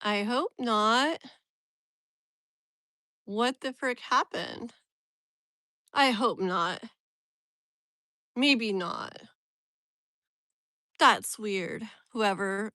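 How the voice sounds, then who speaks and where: A young woman hosts a casual live stream outdoors, talking in a chatty, exasperated way and laughing often. Her voice is bright and a little high, and she speaks slowly. The sound is close and dry. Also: no echo. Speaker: tarot reader live-stream host. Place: outdoors near a tree.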